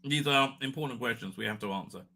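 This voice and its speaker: A man's voice: medium pitch, quick pace, pushed and bright. A man hosting a casual livestream, rambling crudely with many fillers and tag questions. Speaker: livestream host.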